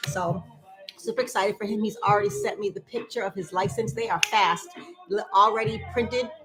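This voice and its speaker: A woman speaks at normal speed in a medium pitch, casually chatting with her dance fitness class and spinning lively stories with whoops and laughter. The low-quality recording carries music behind her voice.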